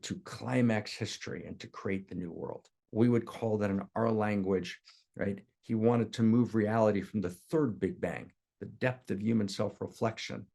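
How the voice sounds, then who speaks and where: Gravelly man teaching through a story. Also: lowish voice, a little mellow. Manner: impassioned, frequent "right?" asides, repeats words. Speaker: spiritual teacher.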